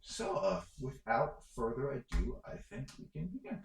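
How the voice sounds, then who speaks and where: Brief: male game master, deep creaky voice, loose rambling narration, echoey room. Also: big pitch swings, normal speed. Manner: rambling, filler-heavy narration.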